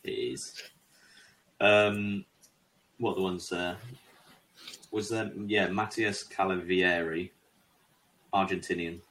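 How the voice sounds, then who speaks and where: Deep husky man, dry remarks. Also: slow pace, long pauses, fairly bright tone, rough recording. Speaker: podcast co-host. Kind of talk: casual chat.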